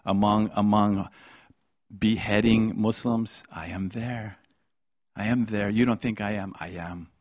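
A middle-aged man preaching a sermon with storytelling, swinging from hushed, low lines to loud, high-pitched outbursts. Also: steady tone, measured pace, dry recording, studio quality.

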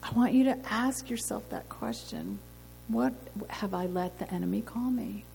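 Woman speaker, earnest storytelling sermon voice, slight fry, reverberant hall with faint noise. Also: medium pitch, normal speed, a little mellow. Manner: earnest, storytelling, rhetorical questions. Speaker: women's ministry speaker. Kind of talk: sermon testimony.

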